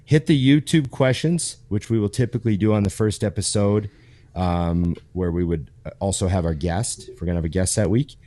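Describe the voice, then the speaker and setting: A man's voice: fairly low pitch, normal speed, no echo. A man hosting a casual podcast, telling stories with lots of swearing and animation. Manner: animated storyteller, swears freely. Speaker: podcast host.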